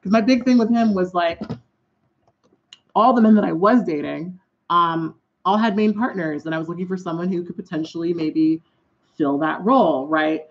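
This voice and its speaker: A woman's voice: lowish voice, moderate pace. A woman vents bluntly to her camera in a casual vlog and swears freely. She talks while she puts on her eyeliner. The audio is dull and lo-fi, like a home video. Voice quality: heavy swearing, exasperated and blunt. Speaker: vlogger.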